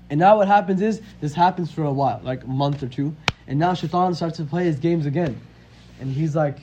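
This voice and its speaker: A man's voice: fairly high pitch, fairly quick, mellow. A man in his twenties telling a religious story in a casual, conversational way and often asking "right?". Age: 20s. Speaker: religious teacher. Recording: dull lo-fi audio with faint hiss.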